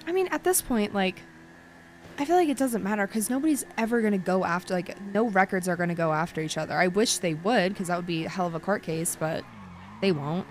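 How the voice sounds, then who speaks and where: A woman's voice: medium pitch, fairly quick, a little hiss or hum. Chatty woman roleplaying a lawyer. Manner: chatty, rambling storytelling with many fillers. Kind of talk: in-character roleplay chat.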